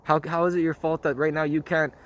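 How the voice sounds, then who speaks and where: Man, slightly high voice, rambling, earnest, repetitive, reflective monologue. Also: flat delivery, fast talker, a bit bright. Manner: rambling and repetitive, often asks "you know what I mean?"; earnest, circles back to one phrase. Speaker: spiritual vlogger.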